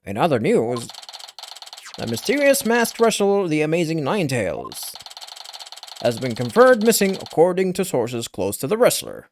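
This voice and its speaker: A man voicing a formal male TV news anchor, reading the bulletin with stumbles and a lively pitch. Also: moderate pace, a little hiss or hum. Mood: newsy.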